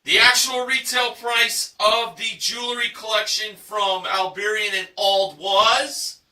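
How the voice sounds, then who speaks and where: A man hosting a game show recap, reading the results in a showy announcer style with drawn-out shouted prices. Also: high voice, little pitch movement, reverberant, far from the mic. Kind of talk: enthusiastic scripted recap narration.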